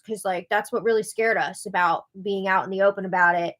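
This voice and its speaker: A woman hosts a live recap, chatting casually with sarcastic asides and lots of laughter as she swings between loud outbursts and hushed remarks. Her voice is mid-range, her speed normal, and she pauses little.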